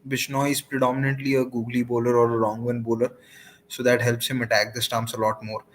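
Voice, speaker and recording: A man giving measured, explanatory cricket analysis on a live watchalong. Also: mid-range voice, completely flat delivery, a little hiss or hum.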